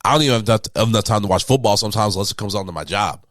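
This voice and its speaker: Young man with a low voice, slangy. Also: rapid-fire, no room sound, studio quality. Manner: relaxed slangy banter, swearing freely. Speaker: podcast co-host. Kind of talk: casual chat.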